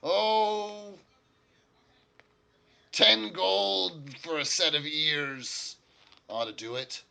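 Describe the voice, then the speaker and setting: A man voicing a stingy, gruff male dwarf who squabbles over money in a tabletop game. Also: on the high side, extremely slow, voice pushed up, full character voice. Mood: haggling. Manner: excited, squabbling.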